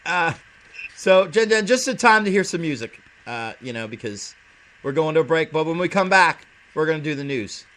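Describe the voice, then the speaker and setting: A man hosts a casual internet radio show, rambling and cursing freely as he chats. His voice sits fairly high and sounds bright, with a lively, swooping pitch. Faint hiss sits under the recording. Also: normal speed. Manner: rambling, profane, laughs often.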